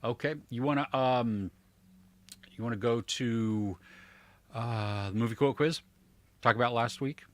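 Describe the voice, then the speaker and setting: A man co-hosting a casual chat about movies and shows, lively and jokey, poking fun at himself. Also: medium pitch, measured pace, pauses often, dry recording. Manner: lively, jokey, self-deprecating. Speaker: podcast co-host.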